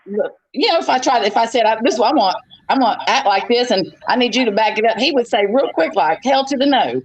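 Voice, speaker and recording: A woman guest on a live stream, chatting casually and agreeably with quick asides. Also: fairly high pitch, animated, breathy edge, dull audio.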